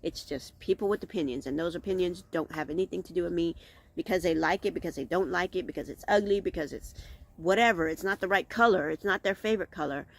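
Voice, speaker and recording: A middle-aged woman with a lowish voice talks fast while hosting a casual outdoor vlog. Her reflective monologue is candid and rambling, and she often restarts her thoughts.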